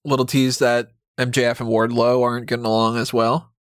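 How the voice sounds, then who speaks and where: Mid-pitched male co-host, wry and giggly, dry studio sound. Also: flat delivery, brisk, dry recording. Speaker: podcast co-host. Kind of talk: casual wrestling chat.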